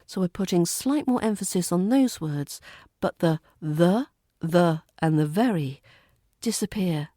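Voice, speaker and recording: A woman with a British RP accent, teaching a pronunciation lesson and modelling example sentences slowly and deliberately. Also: lowish voice, lively intonation, warm tone, no echo, clean studio sound. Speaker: accent coach.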